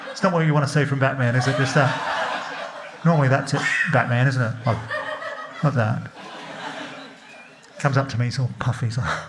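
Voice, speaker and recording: An Australian man doing stand-up comedy, telling a story with animated delivery, swearing and acting out the other characters. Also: brisk, long pauses. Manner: animated, swearing, acts out voices with big pitch jumps. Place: comedy club stage before a laughing audience. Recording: comedy club with audience noise.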